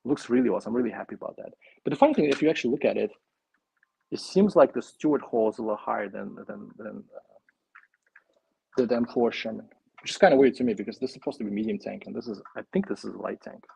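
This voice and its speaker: A man hosting a casual live stream, chatting excitedly and thinking aloud while he builds a toy kit. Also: on the low side, quick pace, creaky, breathy edge.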